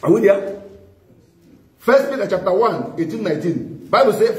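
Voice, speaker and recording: Man, pastor, sermon, call-and-response questions, high voice, echoey church hall, distant mic. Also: expressive, moderate pace, pauses often, a little mellow. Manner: call-and-response, prompts the congregation with "what?".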